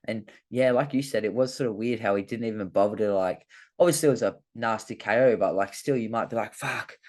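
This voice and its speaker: A man's voice: fairly low pitch, fairly quick, darkish tone. A man, a fighter talking in a casual chat, rambling with many fillers. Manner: rambling, heavy use of "like" fillers. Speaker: MMA fighter guest.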